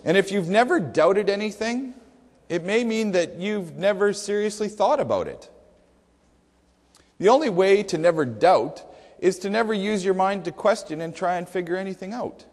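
High-voiced male pastor preaching. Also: expressive, moderate pace, darkish tone. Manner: emphatic, rhetorical questions, dry humor. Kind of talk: sermon. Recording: long hall reverb.

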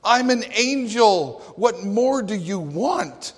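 Man doing a casual exasperated angel, emphatic, raised high voice, long reverb. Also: expressive, takes it slowly, breathy edge, heavily acted. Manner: emphatic, slangy retort.

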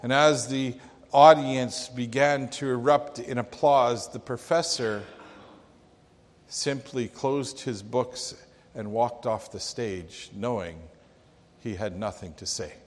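A man pastor delivering a sermon in a church, telling a story with dramatic pauses. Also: medium pitch, a little hiss or hum. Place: church sanctuary. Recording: long church reverb.

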